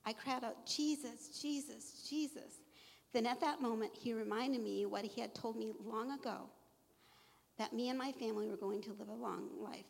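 A woman's voice: on the high side, fairly even intonation, fairly quick, vocal fry. A middle-aged woman sharing her faith testimony, earnest and emotional, quoting scripture to a live audience. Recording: long echo of a large hall.

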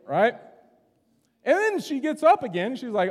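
A middle-aged man preaching a sermon in a church sanctuary, telling stories in a relaxed, conversational way and often checking in with "right?". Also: extremely high pitch, normal speed, long pauses. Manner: conversational, storytelling, keeps asking "right?". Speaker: pastor. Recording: long hall reverb.

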